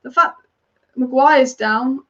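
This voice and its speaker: On her live football watch-along stream, a woman who runs a fan channel reacts to the game and reads out viewer comments in a chatty, opinionated, rapid-fire way. Her high voice is a bit bright, and the recording has its highs cut off.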